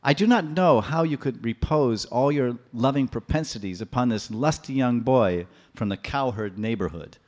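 A man's voice: mid-range voice, normal speed, hardly any pauses, a little mellow, natural voice. A man voicing a fiercely angry young woman who scolds her friend's lover in a heated, reproachful manner. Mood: grave reproach. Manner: heated, reproachful, repeating herself.

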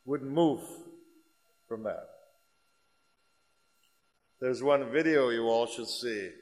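A man teaching a religious class and telling stories in an animated, rambling way. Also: mid-range voice. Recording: reverberant hall.

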